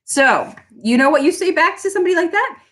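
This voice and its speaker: A woman who owns a small business, giving a motivational talk on pricing, often asking "right?" and acting out customers. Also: fast. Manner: animated, acts out customers in high voices, asks "right?" often.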